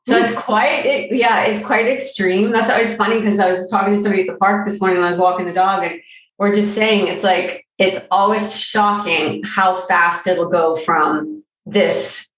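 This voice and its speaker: A woman, a life coach, chatting as a guest in a relaxed way, full of fillers and quick laughs. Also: mid-range voice. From Canada. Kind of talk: casual conversation. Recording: roomy echo, distant from mic.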